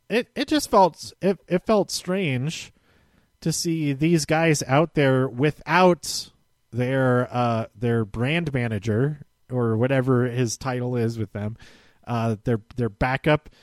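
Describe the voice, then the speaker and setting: A man's voice: medium pitch, no room sound. Rambling man with a dry sound. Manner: rambling, self-correcting, chuckling. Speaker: show recap host. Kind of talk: casual spoken recap.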